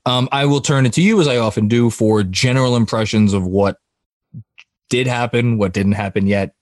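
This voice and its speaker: Man, podcast host, casual chat, rambling, laughing, mid pitch, dry recording. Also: normal speed, dry recording. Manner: rambling, laughs often, restarts sentences.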